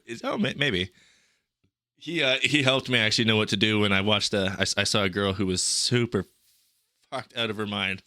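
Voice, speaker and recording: A man's voice: on the low side, moderate pace, bright, forceful tone, no echo, clean studio sound. A young man telling travel stories on a podcast in a rambling, profane, casual way. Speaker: podcast guest.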